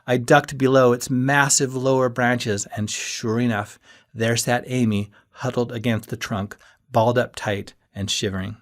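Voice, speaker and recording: Man, audiobook narrator, first-person story, medium pitch, steady telling. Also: measured pace.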